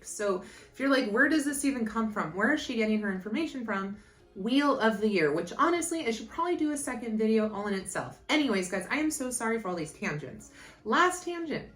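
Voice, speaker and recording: A woman's voice: a little high, fairly bright tone. Bubbly rambling woman in an echoey room. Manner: bubbly, rambling with tangents and self-corrections. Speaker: yoga and witchcraft YouTuber. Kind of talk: casual chatty vlog.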